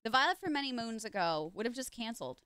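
Woman game streamer, casual and playful; bright, fairly high voice. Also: very animated, fast talker, clean tone, dry recording. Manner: playful and goofy, with loud silly outbursts. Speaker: live streamer. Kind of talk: casual chat while gaming live.

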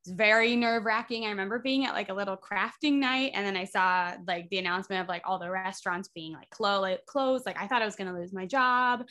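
A woman in her twenties, a theater artist, guests on a casual podcast, chatting away with "like" fillers everywhere. Her mid-range voice is bright and forceful, and she talks fast with few pauses.

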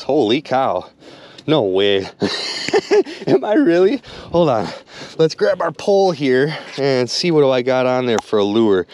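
Excitable man fishing outdoors. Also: mid-range voice. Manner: excitable, exclaims often, talks to viewers. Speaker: fishing vlogger. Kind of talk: excited outdoor vlog narration. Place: outdoors on a frozen lake. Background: wind and outdoor ambience.

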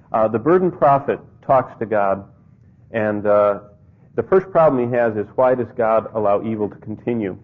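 A man's voice: fairly low pitch, normal speed. A man preaching a sermon in an earnest way, his voice rising into pleading questions. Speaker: pastor. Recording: phone-like narrow sound.

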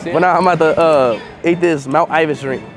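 A young American man with a sore throat, vlogging casually on city streets and talking in loud, excitable bursts. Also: fairly high pitch, fairly quick, over music. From United States. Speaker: livestreamer vlogger. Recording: noisy street background.

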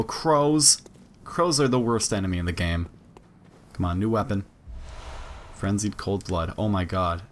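A young man giving casual, excitable commentary while playing a game, swearing and yelping during fights. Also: on the low side, a little hiss or hum. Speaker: gaming let's-play host.

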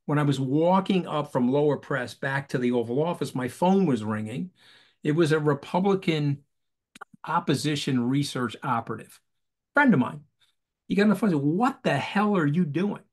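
A man speaks as an interview guest over a video call, his voice set a little high for a man. He talks in an emphatic, rhetorical way and keeps hammering his points home with repeated phrases. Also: expressive, moderate pace. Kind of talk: animated interview talk.

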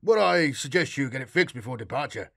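A man's voice: medium pitch, animated, brisk, gravelly, fairly bright tone, no room sound. Audiobook: man playing a laid-back, wry young trooper, casual and amused, dry close mic. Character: easygoing young male patrol trooper. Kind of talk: audiobook character voice.

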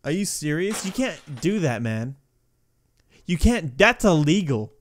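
A young man giving casual, rambling gameplay commentary, excitable and breaking into yelps and shrieks when a level goes wrong. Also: a little high, unhurried, slight background noise. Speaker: gaming YouTuber.

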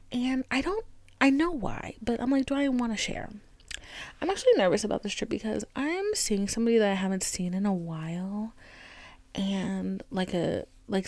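A woman hosting her own podcast, talking in a rambling, confessional way full of "like," sometimes dropping to a soft whisper. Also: mid-range voice, vocal fry, no echo. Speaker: podcast host. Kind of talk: candid solo podcast monologue.

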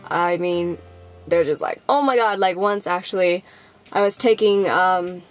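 A woman's voice: lowish voice, fairly even intonation, unhurried. Chatty young woman vlogger. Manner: chatty, rambling, many fillers, acts out people's reactions. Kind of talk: casual chat to camera.

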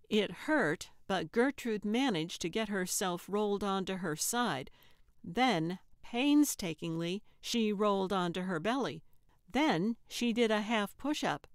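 A woman narrating an audiobook in a measured storytelling manner, on a close studio mic. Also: medium pitch, lively intonation, dry recording.

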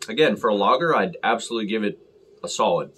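Chill dude doing a beer review vlog at home, rambly, self-deprecating, says um a lot. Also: male voice, on the low side, lively intonation, fast, a bit bright, slight background noise.

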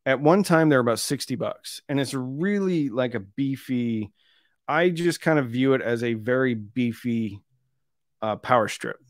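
A man's voice: mid-range voice, expressive, normal speed, dry recording, studio quality. A man hosting an audio gear live stream, chatting casually in a rambling, easygoing, self-deprecating way. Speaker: audio channel host.

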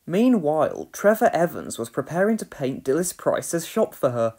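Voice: mid-range voice, moderate pace. A reader narrating a children's storybook aloud and voicing every character. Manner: expressive, reads every character in a different voice.

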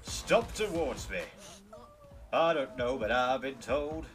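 A man giving excitable, self-mocking live commentary while he plays a video game. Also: mid-range voice, slow. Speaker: game streamer. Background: music.

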